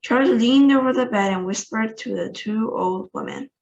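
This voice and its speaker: A woman reading a children's book aloud in an expressive, lively way. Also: fairly high pitch, normal speed, gravelly, lo-fi sound. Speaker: storyteller.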